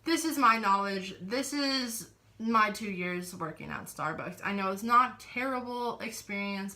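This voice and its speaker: A woman's voice: medium pitch, expressive, measured pace, bright, forceful tone. A young woman venting to her camera in a casual rant, blunt, sarcastic and full of swearing. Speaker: vlogger.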